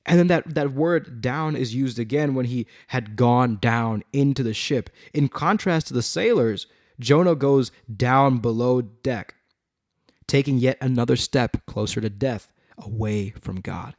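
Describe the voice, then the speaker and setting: A man teaching on a Bible passage, reading it aloud with emphasis and breaking into casual, animated asides. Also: mid-range voice, moderate pace, no echo, studio quality.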